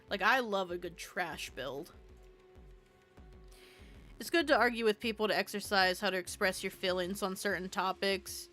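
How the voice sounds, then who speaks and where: A woman's voice: mid-range voice, pushed and bright. A young woman streaming while she builds in a game, chatting in a rambling, self-deprecating way and swearing freely, with faint game music behind her.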